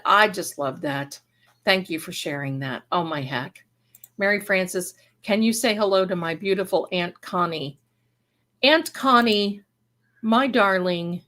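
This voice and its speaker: A woman's voice: on the low side, a bit bright. A woman hosting a live stream who reads viewers' chat aloud and showers them with endearments, in a rambling, effusive way that often breaks off mid-thought. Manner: rambling, self-interrupting. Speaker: livestream host and spiritual reader.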